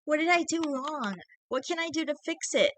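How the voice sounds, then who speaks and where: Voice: sits high, lively intonation, normal speed, a bit bright, slight background noise, pitched above the performer's own voice. A reader voicing a young woman who pleads tearfully with her boyfriend. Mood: tearful pleading.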